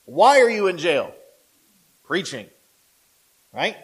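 A male pastor preaching a sermon in a conversational, animated way, asking the listeners questions and acting out the voices of people in the story. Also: high-pitched, takes it slowly, breathy edge, rough recording. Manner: animated, acts out quoted voices; conversational, asks the audience questions.

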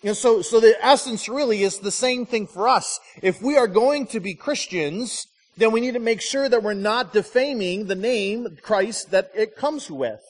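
A man's voice: high voice, normal speed, few pauses, long reverb tail. A man from Michigan preaching a conversational sermon as a pastor, telling stories and acting out the people he quotes. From Michigan, USA. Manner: storytelling, acts out quoted voices.

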